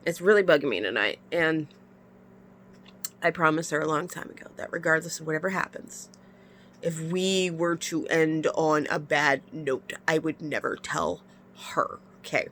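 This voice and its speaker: A woman's voice: low voice, moderate pace, a bit bright, a little hiss or hum. A woman talking frankly and emotionally in a confessional vlog, sighing often, her nose stuffy from crying. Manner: emotional, frank venting with sighs. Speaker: vlogger.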